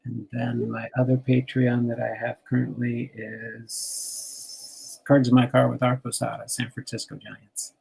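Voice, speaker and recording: Older host, gravelly and husky, easygoing chat, laughs a lot. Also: male voice, mid-range voice, level tone, measured pace, a little mellow. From New Jersey. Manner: chatty, laughs often, reads out card names. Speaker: host sorting baseball cards on a stream. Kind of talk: casual chat.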